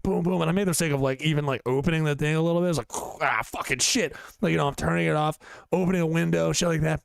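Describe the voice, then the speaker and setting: A man with a gravelly, slightly high voice, rambling through a casual podcast story, swearing often and piling up fillers. He is close to the mic in a dry room with no echo. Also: fairly even intonation, racing. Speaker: podcast co-host. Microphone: studio podcast mic.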